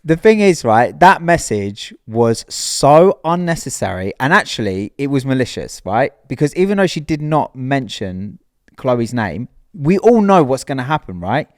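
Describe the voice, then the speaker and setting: A man's voice: medium pitch, sing-song, normal speed, dry recording, studio quality. A man co-hosting a podcast, chatting casually in an emphatic, indignant way. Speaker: podcast co-host. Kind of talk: casual chat.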